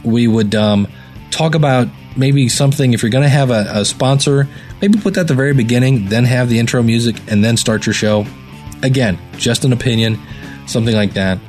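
A man hosting a podcast review show, giving casual spoken feedback with fillers and deliberate stress on some words. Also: medium pitch, darkish tone, faint music behind.

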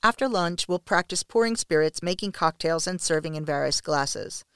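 A woman's voice: fairly low pitch, animated, moderate pace, a bit bright, clear, resonant tone, no echo, studio quality. A woman voicing a man who teaches serving duties in an instructive way.

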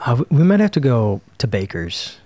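A man's voice: medium pitch, big pitch swings, fairly quick, darkish tone, dry recording. Chill guy rambling about flavors, mid voice, dry close sound. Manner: laid-back, rambling with lots of fillers. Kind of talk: casual chat.

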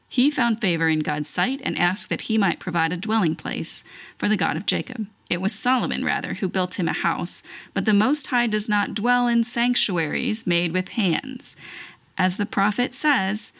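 A woman reading a long Bible passage aloud, then leading an earnest, measured spoken prayer. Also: on the low side, creaky, fairly bright tone. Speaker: scripture reader leading prayer.

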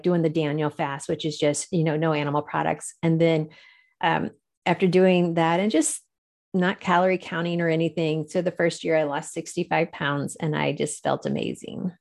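A woman's voice: low-pitched, flat delivery, moderate pace, a little mellow. A woman guest in a faith-based interview, telling her story with animation, laughing often and acting out the people she quotes.

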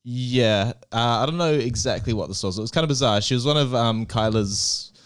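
A man in a mid-range voice co-hosts a casual conversation. He tells his story in an unhurried, rambling way, peppered with "uh" and "like". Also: medium pitch. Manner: easygoing, rambling anecdotes with many fillers. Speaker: comedy club co-owner and podcast co-host. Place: comedy club in Barcelona.

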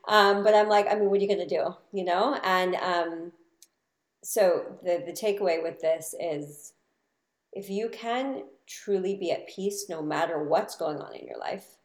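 A woman, a spiritual teacher and podcast host, talking in a casual reflective monologue that swings between loud bursts and soft murmurs, with casual swearing. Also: fairly low pitch, a little slow, reverberant.

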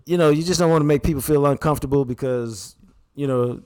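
A man's voice: fairly high pitch, fast talker, a little mellow, clean tone. Earnest man in casual chat. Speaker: podcast co-host.

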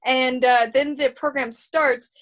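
A woman's voice: high voice, measured pace. A woman chatting casually as a podcast co-host, recapping an episode and acting out the characters' lines as she goes. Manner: animated retelling, acts out characters' lines.

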